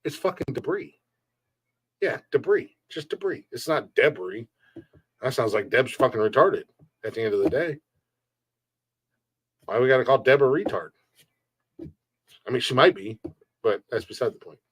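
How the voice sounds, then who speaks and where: A man's voice: medium pitch, animated, moderate pace, long pauses, breathy edge. Profane, joking man on a live stream. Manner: blunt, profane, joking rants; laughs often between remarks. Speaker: podcast host reading chat. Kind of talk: casual live-stream chat.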